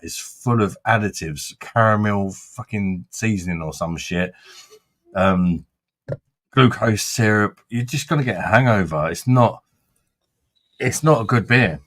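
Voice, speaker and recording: A man's voice: on the low side, a little slow, a bit bright. A man hosting a casual beer review, blunt and sweary, and he laughs often. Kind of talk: casual chat.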